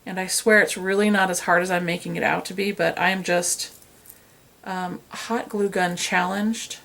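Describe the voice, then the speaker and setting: The craft tutorial host talks at a normal speed in a lowish, fairly bright voice with vocal fry and fairly even intonation. Recorded by a tripod-mounted camera, she's chatty and self-deprecating, talking as she works with her hands.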